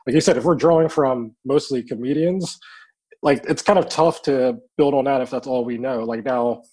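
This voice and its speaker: Male comedian guest, relaxed casual chat, medium pitch. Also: moderate pace, breathy edge.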